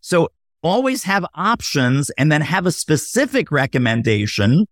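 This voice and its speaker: A man appearing as a guest on a podcast, explaining sales with animated energy and acting out sample dialogue. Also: on the high side, unhurried, no echo, clean studio sound. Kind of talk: podcast interview.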